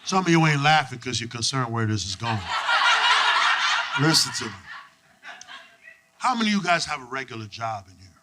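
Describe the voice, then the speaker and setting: A young man performing a stand-up comedy set, loud and profane, working the crowd with lively back-and-forth. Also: medium pitch, moderate pace, pauses often. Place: comedy club stage with live audience. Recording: noisy live club recording.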